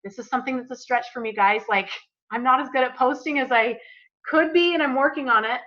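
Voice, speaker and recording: Upbeat, bright-voiced woman coach. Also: sits high, a little fast, lo-fi sound. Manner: upbeat, chatty, eager. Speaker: business coach leading a group call. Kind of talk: live group coaching session.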